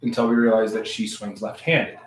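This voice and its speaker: A man's voice: fairly low pitch, steady tone, brisk, roomy sound, slight background noise, poor audio. A man chatting casually as a podcast co-host, rambling through stories and laughing at his own jokes. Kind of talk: casual chat.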